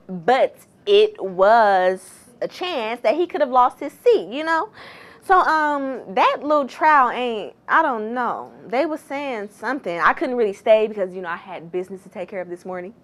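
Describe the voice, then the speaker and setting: A woman's voice: a little high, animated, unhurried, fairly bright tone. A woman hosting a casual gossip vlog, chatty and sassy, with slangy, exclamatory asides. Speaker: entertainment gossip host.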